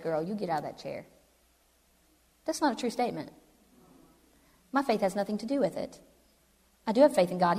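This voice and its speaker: A woman preaching a sermon to a women's gathering, animated and emphatic, swinging between loud and soft delivery. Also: medium pitch. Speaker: speaker at a women's event. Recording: long hall reverb.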